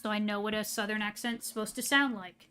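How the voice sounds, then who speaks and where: A woman's voice: mid-range voice, steady tone, brisk, pushed and bright, soft background music. A woman from the American South with a standard American accent, chatting casually and hesitantly to her live-stream audience while playing a game. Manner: rambling, hesitant with many fillers.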